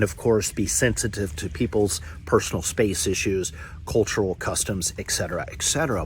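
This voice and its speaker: Low-voiced emphatic male trainer. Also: slight background noise. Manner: emphatic, varies volume and pauses for effect. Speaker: corporate trainer. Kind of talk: instructional talk to camera.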